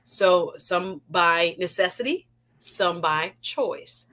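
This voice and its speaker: Woman, jamaican accent, live show host, bright voice, playful, laughs a lot. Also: on the low side, takes it slowly. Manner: lively and playful, laughs often, shout-outs to chat. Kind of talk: live-stream chat, greeting viewers.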